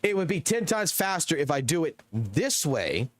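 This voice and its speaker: Guy in his 30s, streamer, riled-up profane rant, voice leaping around, slightly high, dry close sound. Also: moderate pace, no room sound. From Southern United States. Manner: excitable, heavily profane ranting. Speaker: game streamer. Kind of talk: live-stream rant to chat.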